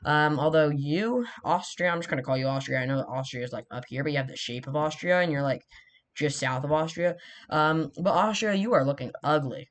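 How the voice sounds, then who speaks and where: A man's voice: on the high side, fairly quick, a bit bright. Rambling young man narrating his map. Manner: rambling, self-correcting, jokey asides. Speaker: mapping video creator. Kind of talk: casual commentary while drawing a map.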